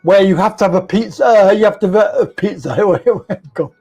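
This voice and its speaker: A man with a high voice hosts a comedy phone-in. He teases his callers and laughs a lot as he talks. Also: moderate pace, warm tone, husky, lo-fi sound. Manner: laughs often, jokey and teasing. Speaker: host.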